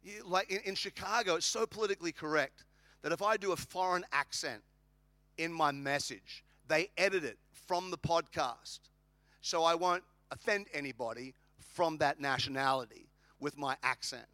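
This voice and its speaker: A man's voice: a little high, normal speed, bright, forceful tone, no room sound. An Australian man preaching a sermon, emphatic and humorous, with lots of repetition. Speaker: pastor.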